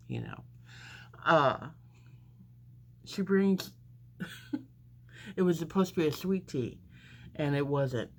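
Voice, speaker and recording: A woman in her fifties telling a story casually while doing her makeup, rambling with lots of fillers and restarts. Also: sits low.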